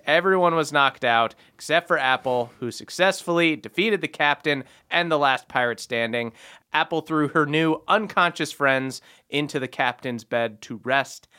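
Male game master, bright crisp voice, easygoing narration with lots of "uh"s. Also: medium pitch. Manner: easygoing, laughs often, filler-heavy narration. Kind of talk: narrating a tabletop game recap.

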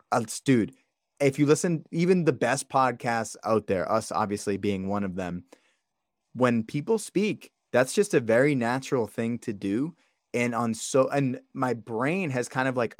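A man co-hosting a sports podcast, talking in a relaxed, rambling way. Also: fairly low pitch, no echo, studio quality. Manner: relaxed, rambling, laughs easily. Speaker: podcast co-host. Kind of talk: casual chat.

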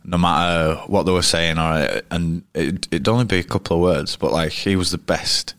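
Deep-voiced man telling anecdotes. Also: normal speed, fairly bright tone, clean tone, no echo, studio quality. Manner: rambling, frequent restarts and fillers. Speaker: guest cricketer. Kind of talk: casual storytelling interview.

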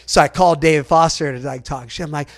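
A man tells a long story as a podcast guest, his voice pitched a little higher than most men's. He rambles and is animated, stuffing his sentences with "like". He acts out the lines of other people as he goes. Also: fast. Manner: rambling, animated, packed with "like" fillers. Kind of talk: casual storytelling in an interview.

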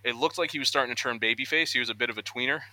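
A young man co-hosting a casual podcast, chatting excitedly about news and acting out quotes in voices. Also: medium pitch, racing. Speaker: podcast co-host.

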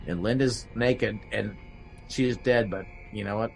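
A man's voice: on the low side, fairly even intonation, a little slow, gravelly, poor audio. Male podcast host, loose rambling recap, frequent fillers, faint music bed. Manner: rambling, many fillers, acts out quotes. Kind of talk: casual recap of a horror film.

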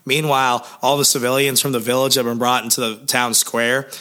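A man's voice: medium pitch, level tone, brisk, bright, forceful tone. A young man co-hosting a podcast, recapping a comic in a rambling, jokey way with lots of fillers. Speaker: podcast co-host.

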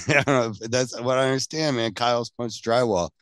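A man's voice: mid-range voice, moderate pace, a bit bright, smooth, no room sound. Joking man hosting a podcast, dry sound. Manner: joking, teasing, laughs often. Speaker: podcast host. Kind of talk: casual chat.

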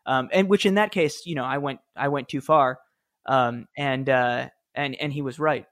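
A man in his thirties, a guest author and former speechwriter, telling anecdotes in an animated, self-deprecating way with quick restarts. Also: medium pitch. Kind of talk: conversational interview storytelling.

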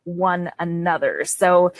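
A woman's voice: on the low side, slow, no room sound. A woman with a Canadian accent, a guest author chatting in an interview with gushing enthusiasm. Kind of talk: casual interview.

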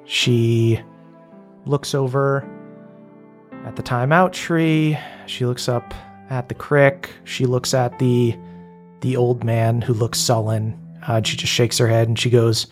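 A man narrating a tabletop game as its game master. His talk comes in halting stretches, padded with ums and uhs as he sets each scene. There is a faint musical bed behind him. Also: mid-range voice, fairly even intonation, faint music behind. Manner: halting, with many fillers.

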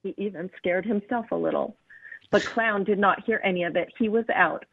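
A woman's voice: medium pitch, steady tone, normal speed, breathy edge, no echo. Woman author on a tinny phone line. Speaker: children's book author, guest. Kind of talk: storybook reading and interview.

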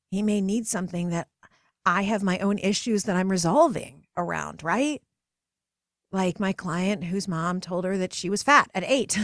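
A woman in her thirties hosting a podcast, speaking in a gentle, reflective way and dropping to soft whispers at tender moments. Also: mid-range voice, no room sound, clean studio sound. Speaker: podcast host and coach. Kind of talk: guided reflective talk.

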